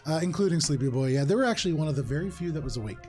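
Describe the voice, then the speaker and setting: A man's voice: a little high, animated, rapid-fire, over music. A man running a live tabletop game as game master, narrating vividly with rambling fillers and humming.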